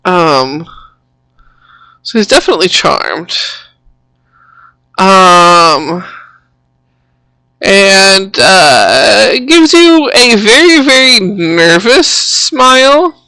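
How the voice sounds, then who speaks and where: A woman narrates a tabletop game as its game master. She talks very slowly and halts often, with many fillers. Her voice is bright and lively in pitch, and the mic sounds dry and close. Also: no room sound. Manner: slow, halting, many fillers.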